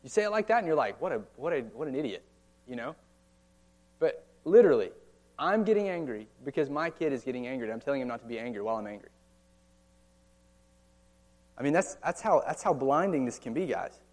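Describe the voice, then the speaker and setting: In a church or meeting hall, an American pastor in his thirties delivers an expressive, brisk sermon broken by long pauses. His voice is mid-range with a darkish tone, and his style is conversational, with frequent rhetorical questions and asides.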